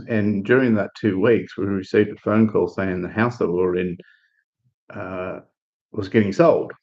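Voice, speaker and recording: An Australian man tells a loose, wandering story on a live stream, full of fillers and false starts. His voice sits fairly low, and the recording loses its high frequencies.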